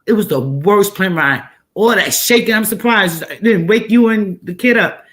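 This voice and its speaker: Animated New woman telling a story. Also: mid-range voice, normal speed. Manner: animated, emphatic, repeats phrases for effect. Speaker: host. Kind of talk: casual storytelling chat.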